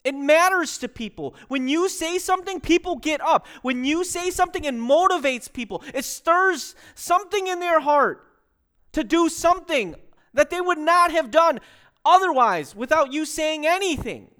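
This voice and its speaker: A man delivers a sermon as a pastor, with a notably high voice. He talks with lively energy, slipping between English and another language and acting out the people he quotes. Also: moderate pace.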